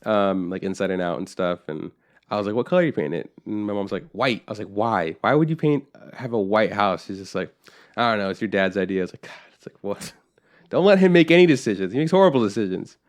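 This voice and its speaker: Young guy on a podcast, lowish voice, rambling, swears a lot, does his parents' voices. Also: lively intonation, fast. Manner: rambling storyteller, swears freely, acts out family quotes. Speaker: podcast co-host. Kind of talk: casual chat.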